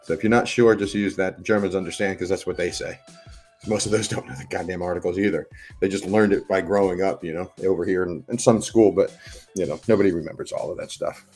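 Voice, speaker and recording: A man's voice: sits low, fairly even intonation, fast, a little mellow, faint music behind. A middle-aged American man hosting a casual livestream, rambling and swearing as he chats with viewers and tells stories. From United States. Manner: rambling, profane, chatty storytelling. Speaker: livestream host. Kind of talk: casual chat to a live audience.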